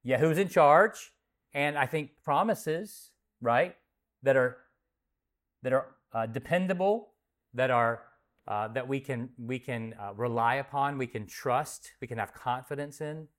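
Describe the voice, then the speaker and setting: Unhurried and medium in pitch, a pastor conducts a Bible study with prayer. After reading scripture and praying, he teaches the group in a chatty way, asking them questions and repeating their answers.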